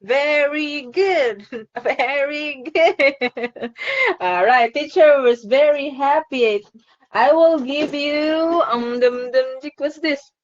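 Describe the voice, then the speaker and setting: A woman's voice: high-pitched, slow, muffled recording. A woman teaching an online phonics lesson to a child, cheerful and encouraging, laughing often.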